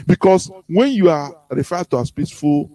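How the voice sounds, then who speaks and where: A man's voice: fairly high pitch, animated, normal speed, warm tone, no room sound. A man with a Nigerian English accent giving an impassioned political talk as a radio host, full of rhetorical questions. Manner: preaching, rhetorical questions, acts out quoted voices.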